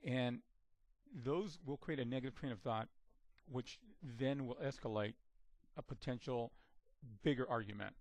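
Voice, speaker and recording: A man of average pitch gives an instructional talk in a measured, steady way. He often repeats and restarts words as he lays out each step. The sound is dry and close, with little room around it. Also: no room sound. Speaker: communication trainer.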